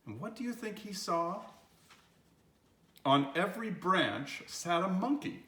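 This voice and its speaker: Older man, grandfatherly picture-book reader, lively bright voice, roomy echo. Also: fairly high pitch. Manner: expressive, swooping read-aloud delivery. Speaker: storyteller reading to children. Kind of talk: picture-book read-aloud.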